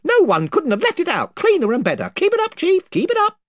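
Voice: huge pitch swings, fairly quick, dry recording, clean studio sound, exaggerated voice. A reader voicing a chorus of invisible creatures who eagerly and fawningly agree with their chief. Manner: squeaky, fawning, repetitive agreement.

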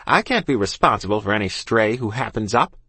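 A man's voice: fairly low pitch, lively intonation, brisk, pushed and bright, slightly rough, dry recording, exaggerated voice. A man putting on a snappish, haughty lady of the house. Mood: snappish, scornful. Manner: snappish, contemptuous, sputtering. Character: sharp, haughty woman of the house.

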